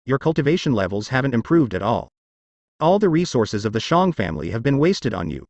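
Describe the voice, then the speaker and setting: Guy reading a cold ruthless young man, lively pitch, dry close sound, plain flat reading. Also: a little fast, no echo. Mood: contemptuous.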